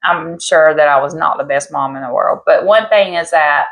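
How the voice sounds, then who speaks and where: Woman in her 40s, gravelly and lowish, candid joking podcast co-host. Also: normal speed, low-quality recording. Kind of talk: casual chat.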